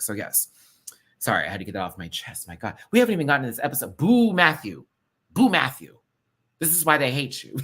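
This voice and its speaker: A man hosting a casual live-stream review, ranting to his viewers in a sassy, slangy, animated way that swings between loud bursts and soft asides. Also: on the low side, breathy edge. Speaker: show review host.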